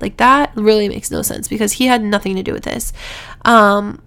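A woman's voice: medium pitch, steady tone, normal speed, fairly bright tone, clean tone. Chatty congested young woman vlogging. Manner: chatty, rambling, laughs between words. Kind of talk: casual storytime vlog.

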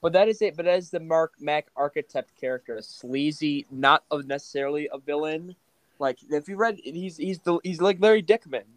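A man's voice: a little high, a little fast, dry recording. A man co-hosting a casual podcast, laid-back and rambling. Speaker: podcast co-host. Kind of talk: casual chat.

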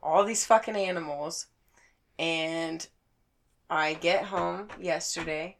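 A woman's voice: low voice, takes it slowly, a little hiss or hum. A woman in her twenties telling a long story in casual chat, swearing constantly and acting out what she said. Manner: profane, animated storytelling with acted-out quotes.

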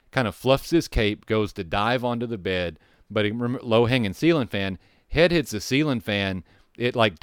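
A man with a deep, smooth voice recounts a call from his firefighting days in a loose, rambling way. He swears freely and circles back with asides and restarts. The recording is close and dry, with no room sound. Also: a bit bright, no room sound. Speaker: firefighter telling a call story. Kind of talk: casual storytelling.

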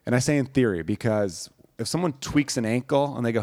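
A man's voice: medium pitch, lively intonation, brisk, few pauses, a little mellow, no room sound. A young adult man in casual chat, a self-mocking storyteller who rambles through anecdotes.

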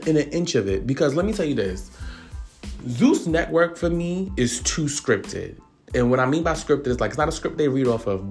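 A man giving casual, profane celebrity gossip commentary on his vlog, animated and opinionated. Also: mid-range voice. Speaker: vlogger.

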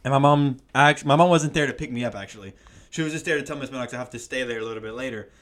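A man's voice: medium pitch, rapid-fire, fairly bright tone. A young man casually telling a story to a friend, slangy and profane, calling people bro and laughing as he goes. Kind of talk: casual chat.

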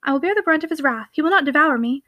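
A woman reading the part of a bold young heiress in an audiobook, lively and teasing with a commanding edge. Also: high voice, rapid-fire, highs cut off. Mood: wry.

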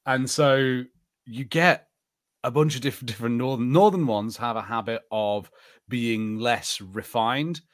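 Speaking a little slowly in a mid-range voice, a young Northern English man co-hosts a podcast, chatting loosely with lots of fillers and false starts. It's a clean studio recording with no room sound.

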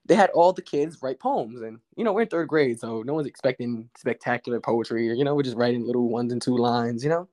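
A man's voice: mid-range voice, a little fast, hardly any pauses. Laid-back man telling a story. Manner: relaxed, candid, uses street slang and profanity. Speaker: guest poet. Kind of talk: casual conversational storytelling.

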